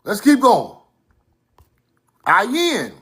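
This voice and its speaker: Slow, emphatic man lecturing over slides. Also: sits high, wildly swooping pitch, bright, forceful tone, slightly rough. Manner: emphatic, repeats points, directs slides.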